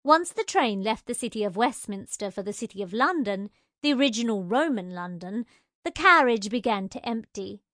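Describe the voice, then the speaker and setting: Female audiobook narrator, slightly high voice, measured and wry, dry close sound. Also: lively intonation, fairly bright tone, no room sound. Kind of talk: scripted narration.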